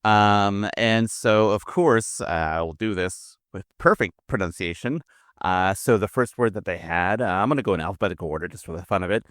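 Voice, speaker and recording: A man's voice: on the low side, normal speed, fairly bright tone, no echo, clean studio sound. A man co-hosting a podcast in casual, jokey chat, laughing often. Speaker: podcast co-host.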